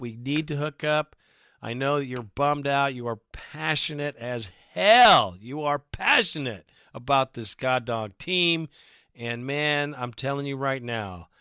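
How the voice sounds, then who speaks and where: A man's voice: mid-range voice, pushed and bright, no echo, studio quality. A man hosting a casual sports fan podcast, reading listener comments aloud with sarcastic asides. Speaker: podcast host.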